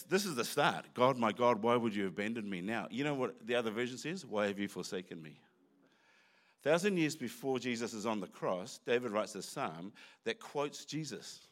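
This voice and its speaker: A man's voice: medium pitch, a bit bright. A man preaching a sermon in church, talking conversationally with asides and restarts. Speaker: pastor.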